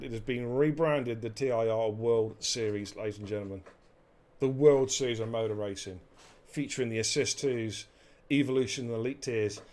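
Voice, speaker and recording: A man hosting a live esports racing stream, joking, swearing and bantering while commentating. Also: on the low side. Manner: jokey, swears freely, energetic.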